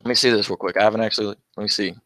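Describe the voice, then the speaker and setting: A man's voice: lowish voice, fairly even intonation, rapid-fire, pushed and bright, no room sound. A young man hosting a casual livestream, reading chat aloud and trading mocking, profane jabs with commenters while laughing often. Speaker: livestream host.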